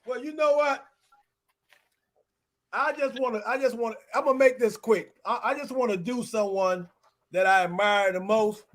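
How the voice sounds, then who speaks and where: A man's voice: high-pitched, moderate pace, pauses often, a bit bright. A man co-hosting a casual chat show, talking playfully and teasing the others.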